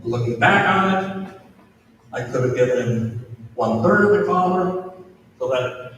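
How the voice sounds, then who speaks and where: A man from Minnesota, a priest, telling a story to an audience in a slow, deliberate way with dramatic pauses and repetition. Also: medium pitch, far from the mic, slight background noise. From Minnesota, USA. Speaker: priest giving a talk. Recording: echoey hall, voice heard from afar.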